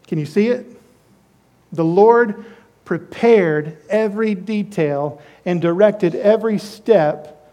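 A man's voice: high-pitched, darkish tone. A male preacher giving a conversational sermon, asking his listeners questions.

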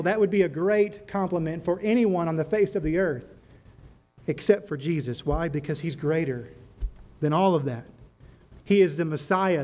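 A high-pitched man preaching to a church congregation. He keeps putting rhetorical questions to the room and answers them himself, and he tells a story to drive his point home. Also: a little mellow. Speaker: pastor. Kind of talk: sermon.

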